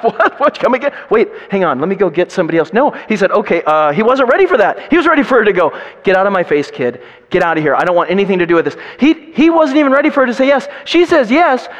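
A man preaching a sermon to a congregation, telling stories with big swings in his voice. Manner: animated storytelling with big pitch swings. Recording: reverberant hall.

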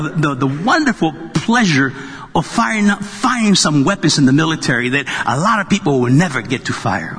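A man's voice: fairly high pitch, big pitch swings, moderate pace, fairly bright tone. A man pastor preaching a sermon to a congregation, joking and conversational as he goes. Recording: long reverb of a large hall.

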